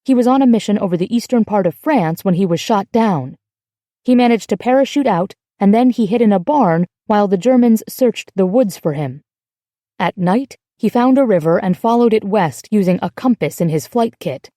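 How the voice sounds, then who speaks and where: A cautious, protective grown woman, read by the audiobook narrator, calm and steady as she explains. The voice is warm and mellow, dry and close. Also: medium pitch, moderate pace, no echo, close to an everyday voice. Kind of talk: audiobook character voice.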